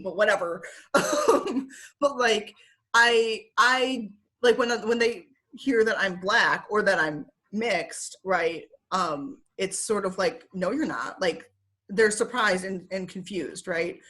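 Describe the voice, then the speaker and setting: A woman, a former teacher, talking as an interview guest in a casual, animated way, full of "like" and quick laughs. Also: mid-range voice. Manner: animated, filler-heavy with frequent "like" and quick laughs. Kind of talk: casual conversational storytelling. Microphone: video call.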